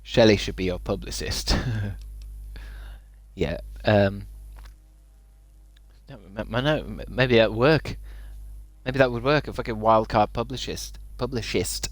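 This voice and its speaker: A man's voice: lowish voice, measured pace, long pauses, no room sound. A young man chatting casually on a gaming livestream, sweary and incredulous. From Britain. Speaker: streamer.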